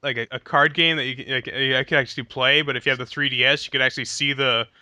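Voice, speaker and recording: Bright, smooth-voiced young man hosting. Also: mid-range voice, fairly even intonation, quick pace, no room sound. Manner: laughs often, enthusiastic, hesitant fillers. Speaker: podcast host. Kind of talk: casual gaming podcast chat.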